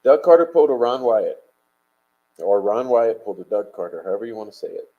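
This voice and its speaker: A man's voice: on the low side, animated, a little fast, highs cut off. A man hosting a casual livestream, rambling and swearing emphatically as he chats and answers viewer comments. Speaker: livestream host.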